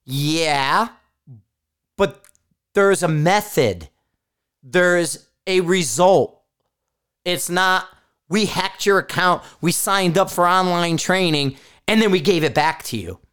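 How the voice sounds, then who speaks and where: A man's voice: high-pitched, takes it slowly, pauses often, a bit bright, clean tone. A man hosting a podcast, talking casually in a blunt, profane, rambling way with frequent restarts. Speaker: podcast host. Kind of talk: casual solo podcast rant.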